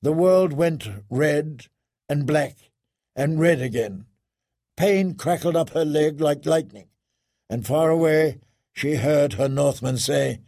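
A man narrating a grim story in a slow, measured audiobook reading. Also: on the high side, creaky, mellow. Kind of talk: scripted narration.

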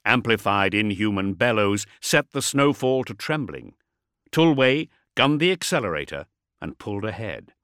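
A man reading a story aloud as scripted narration, with an expressive, dramatic delivery. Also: on the low side, normal speed, no echo, studio quality. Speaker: audiobook narrator.

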